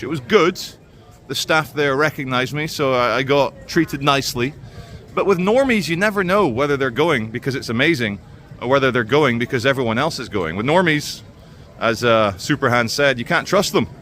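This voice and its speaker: Holding his phone as he moves through city streets and a mall, this male vlogger host narrates a casual walking vlog, rambling and dropping sardonic remarks. His voice sits in the mid-range with a somewhat bright quality.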